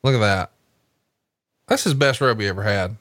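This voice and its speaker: A man hosting a podcast, chatting casually and telling animated stories while watching a wrestling match. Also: on the low side, moderate pace, no room sound, studio quality. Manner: animated storytelling, swears casually. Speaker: podcast host.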